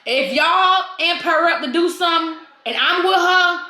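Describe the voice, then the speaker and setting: Animated St. Louis woman, high and bright. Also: moderate pace, roomy sound. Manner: animated storytelling, laughing, acting out quotes. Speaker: podcast co-host. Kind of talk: casual chat.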